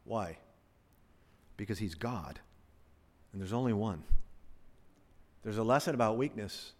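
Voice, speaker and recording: A man preaching a sermon as pastor, dropping to a hush and then rising to a boom. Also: expressive, measured pace, long reverb tail. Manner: preacherly, swings from hushed to booming.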